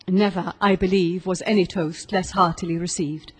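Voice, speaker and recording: A woman narrating a gothic story as an audiobook reader, in a steady, expressive storytelling manner. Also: fairly low pitch, moderate pace, husky.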